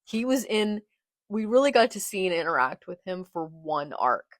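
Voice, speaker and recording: A woman's voice: fairly low pitch, big pitch swings, moderate pace, no room sound, clean studio sound. A young woman reacting live as she reads a manga, murmuring along and bursting into anguished outbursts. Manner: emotional, swings from murmured reading to anguished outbursts.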